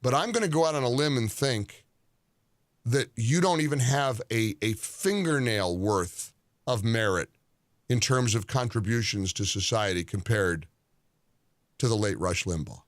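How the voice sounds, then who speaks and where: A man's voice: mid-range voice, animated, no room sound. Indignant male commentator, dry sound. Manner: indignant, deliberate, stressing words. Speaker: political commentator. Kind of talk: scripted commentary monologue.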